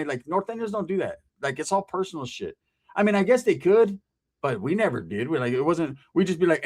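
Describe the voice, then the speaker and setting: A man's voice: high voice, quick pace. A man telling a profane, streetwise story in casual talk and acting out the people in it. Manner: animated, streetwise, acts out the people he quotes.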